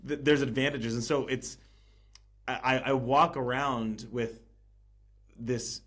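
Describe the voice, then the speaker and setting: A man in casual podcast conversation, talking in a halting way with many restarts and fillers. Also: medium pitch, steady tone, a bit bright. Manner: hesitant, many restarts and fillers, laughs easily. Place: living in Italy.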